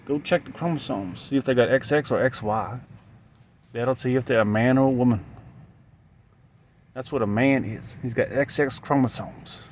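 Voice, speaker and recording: Outdoors in a parking lot, a sleep-deprived, loopy vlogger rambles to the camera in a put-on Southern drawl. His delivery is halting and repetitive, full of restarts, in a mid-range, darkish voice. The audio carries a little hiss or hum.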